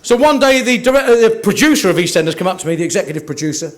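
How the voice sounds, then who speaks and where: A high-pitched man from Kent runs through cheeky, self-mocking jokes at a brisk clip. He delivers them as a stand-up comic in a hotel function room. Faint laughter and chatter sit behind him. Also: lively intonation, slight background noise. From Kent, England. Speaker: after-dinner comedian. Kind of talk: stand-up comedy routine.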